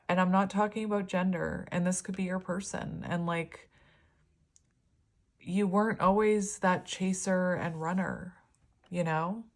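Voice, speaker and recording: Woman, slightly low voice, chatty tarot reader, rambling, expressive. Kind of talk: casual tarot reading to camera.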